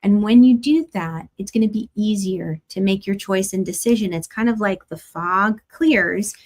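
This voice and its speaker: A woman astrologer talks through a weekly forecast in a casual, chatty way. Her voice sits at an ordinary middle pitch, and she drops in plenty of "like" fillers and soft laughs as she explains. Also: normal speed. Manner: chatty and gentle, many "like" fillers, light laughs. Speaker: astrologer host. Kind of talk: casual spiritual forecast talk.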